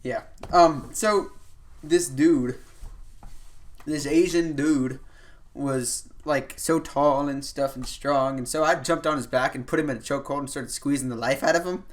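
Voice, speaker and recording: A man's voice: mid-range voice, a little slow. A young man hosting a podcast, telling a long casual anecdote, loose and rambling, with lots of "like" and "you know". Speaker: podcast host. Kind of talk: casual storytelling chat.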